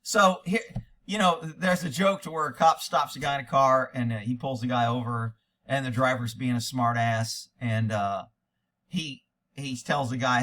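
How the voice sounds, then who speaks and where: A man's voice: mid-range voice, steady tone, moderate pace, sharp tone. A middle-aged man, a former police officer, giving blunt, profane casual commentary and laughing often.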